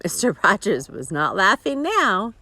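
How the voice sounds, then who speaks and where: Animated woman reading a storybook. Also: mid-range voice, measured pace, slight background noise. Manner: animated, expressive, chuckling asides. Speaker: storybook reader. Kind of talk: children's story read-aloud.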